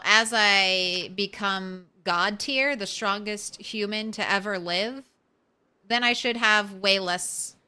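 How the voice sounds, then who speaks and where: Young adult woman, game streamer, casual chatty commentary, bright tone, slow pace. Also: mid-range voice, clear, resonant tone. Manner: chatty, swears casually, talks to the game animals.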